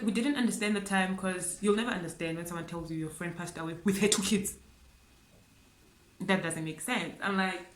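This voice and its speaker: A woman from South Africa telling a grieving story to camera, halting and tearful, often repeating herself and saying "like" and "guys". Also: fairly low pitch, reverberant, a little hiss or hum, low-quality recording. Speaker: vlogger.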